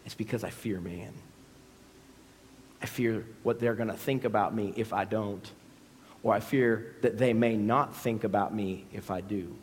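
Animated pastor in a reverberant hall. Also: male voice, on the low side, measured pace, a little hiss or hum. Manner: animated, acts out scenes in voices. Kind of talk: sermon storytelling.

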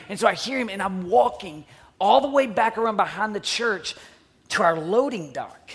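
A middle-aged man preaching, telling a personal story in a dramatic, animated way with sudden shouts and hushed asides. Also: high voice, moderate pace, husky, some chatter behind. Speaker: pastor. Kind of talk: sermon storytelling.

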